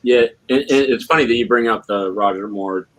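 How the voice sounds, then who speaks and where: A man's voice: mid-range voice, normal speed, poor audio. A man co-hosting a casual chat, speaking hesitantly with frequent restarts. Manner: hesitant, restarts often, laughs easily. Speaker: podcast co-host.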